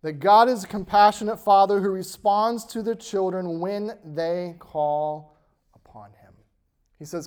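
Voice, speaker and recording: Slow, emphatic male preacher. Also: high-pitched. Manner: slow, emphatic preaching with soft trailing endings. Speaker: pastor. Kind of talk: sermon with scripture reading.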